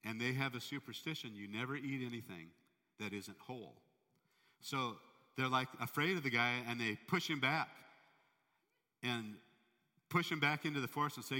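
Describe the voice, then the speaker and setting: A man preaching a sermon, telling a story in a conversational, animated way. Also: mid-range voice, normal speed, big-room sound. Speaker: pastor.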